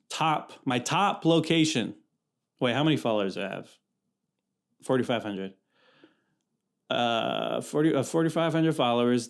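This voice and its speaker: A young man from California talks on his own podcast in a loose, easygoing ramble full of slang. He often breaks off and restarts his sentences. His voice sits in an ordinary middle pitch. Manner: rambling, slangy, self-interrupting. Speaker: podcast host. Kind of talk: casual solo podcast chat.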